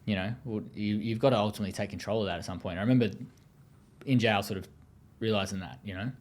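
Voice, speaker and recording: A man's voice: fairly low pitch, fast talker. An Australian man speaking as an interview guest, telling his story in a blunt, profane, casual way with many fillers.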